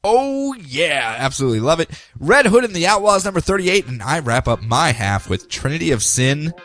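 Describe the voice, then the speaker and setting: Podcast host guy, easygoing, laughs a lot, slightly high voice, dry close mic. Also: big pitch swings, normal speed, fairly bright tone, dry recording, faint music behind. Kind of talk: casual podcast chat.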